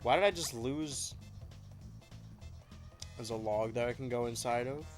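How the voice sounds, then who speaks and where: A man's voice: medium pitch, measured pace, soft background music. A man casually commenting as he plays a video game on stream, joking with his chat. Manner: joking, animated, talking to chat while playing.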